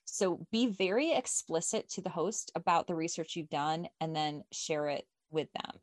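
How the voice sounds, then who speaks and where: A woman from the United States hosting a podcast, talking casually and energetically, a self-described loud extrovert. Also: lowish voice, moderate pace, hardly any pauses, no room sound, clean studio sound. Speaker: podcast host. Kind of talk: casual podcast chat, teaching pitching.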